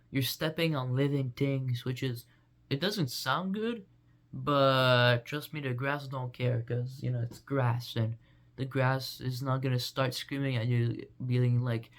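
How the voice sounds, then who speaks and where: A young man vlogging in a rambling, goofy casual monologue full of fillers. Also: mid-range voice.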